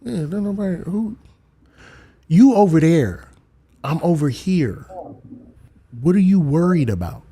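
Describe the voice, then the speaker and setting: Animated man rambling on a live stream. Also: fairly high pitch, unhurried, pauses often, breathy edge. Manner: rambling storyteller, slips in voices. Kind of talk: casual comedic chat on a live stream.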